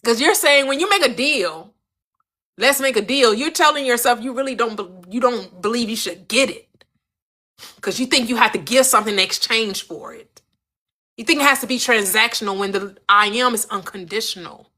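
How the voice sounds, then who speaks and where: A woman's voice: on the high side, moderate pace, pushed and bright. A woman giving a spiritual teaching in an emphatic, preacherly cadence, repeating phrases and asking rhetorical questions.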